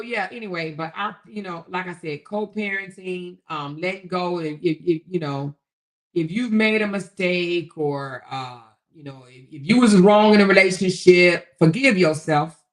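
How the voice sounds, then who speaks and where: Speaking at a measured pace in a lowish voice, a middle-aged woman runs a casual livestream. She goes through viewer comments with folksy warmth, often chuckling and calling listeners honey and baby.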